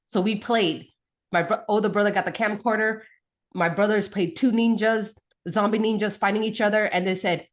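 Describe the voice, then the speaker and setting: Chatty woman guest, animated storyteller, laughs easily, many restarts, even mid-range voice. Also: medium pitch, moderate pace. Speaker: podcast guest, mother. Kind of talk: casual storytelling interview.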